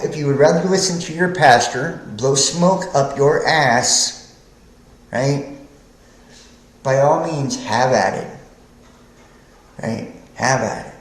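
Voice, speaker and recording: Male podcast host, slow, preachy, profane rambler, roomy echo on the mic. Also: mid-range voice. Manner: rambling, profane, keeps asking "right?". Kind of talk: preachy livestream monologue.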